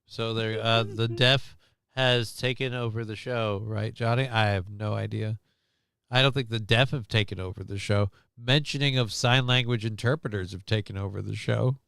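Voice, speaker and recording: A man's voice: lowish voice, moderate pace, vocal fry, clean tone, no room sound, clean studio sound. A man hosting a live stream, chatting casually with a co-host and joking with plenty of profanity. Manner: joking, profane, animated retellings.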